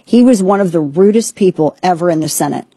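A woman's voice: fairly low pitch, a little fast, warm tone, slightly rough, no room sound. A woman hosting a political commentary show, talking in an indignant, sarcastic, emphatic way. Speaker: host.

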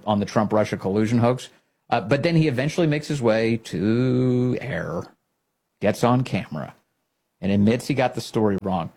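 A man's voice: medium pitch, a little mellow, slightly rough. A man hosting a political commentary show, talking casually with a sarcastic, incredulous edge.

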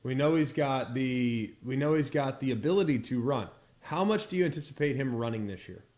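A man co-hosting a football talk show, speaking in a relaxed way and asking his co-host questions. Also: medium pitch, fairly quick. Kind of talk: casual sports chat.

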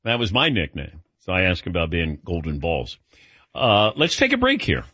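A man's voice: low-pitched, huge pitch swings, normal speed, pushed and bright, slightly rough, no room sound. A middle-aged man hosting a sports radio show, chatting casually with a wry, self-deprecating manner. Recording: dull lo-fi broadcast audio.

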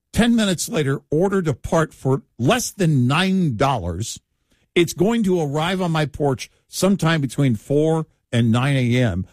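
A man's voice: medium pitch, dry recording, clean studio sound. A man in casual conversation, telling everyday stories with wry asides. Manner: animated storytelling with wry asides. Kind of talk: casual chat.

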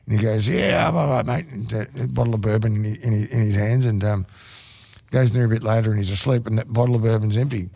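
Gravelly man rambling through stories. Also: on the low side, fairly even intonation, dark tone, dry recording. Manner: rambling, halting, many restarts. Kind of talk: casual anecdotal chat.

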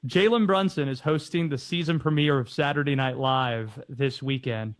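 A man hosting a sports talk radio show, casual and playful, quick to joke with guests. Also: medium pitch.

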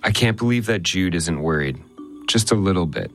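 A male radio reporter narrating a news story in a measured, conversational way. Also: low-pitched, lively intonation, soft background music.

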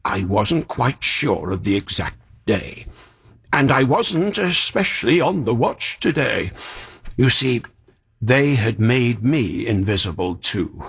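An actor playing a kindly, fussy old magician in a radio drama, chatty and musing, sighing and yawning, with a breathy, husky voice. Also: male voice, medium pitch, sing-song, slow pace, a bit bright, full character voice. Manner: chatty and musing, with sighs and yawns.

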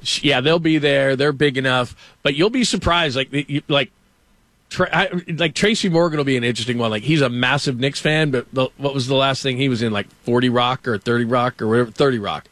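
A man's voice: medium pitch, brisk, fairly bright tone, no echo. A man hosting a sports radio show, telling rambling stories in a loose, chatty way. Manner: rambling anecdotal storytelling with laughs. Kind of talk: casual sports radio chat. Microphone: studio microphone.

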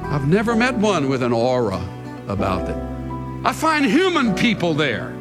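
Dramatic preacher in a large echoing hall. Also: male voice, on the high side, wildly swooping pitch. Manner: dramatic, drawn-out delivery that builds to shouting. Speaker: pastor. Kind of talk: sermon. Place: large church before a congregation. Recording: hall reverb, faint music.

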